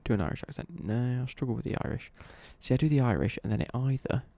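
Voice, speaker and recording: Gravelly, dark-voiced young man. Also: medium pitch, expressive, fast, no room sound. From East Midlands, England. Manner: rambling, chatty, with swearing and self-corrections. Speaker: live streamer. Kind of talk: casual live-stream chat, answering viewer questions.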